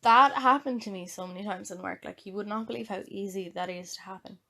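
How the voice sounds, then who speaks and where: A woman's voice: medium pitch, fast talker. A young adult woman with an Irish accent, co-hosting a podcast and telling stories in casual chat, laughing often. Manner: laughing, animated storytelling. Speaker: podcast co-host.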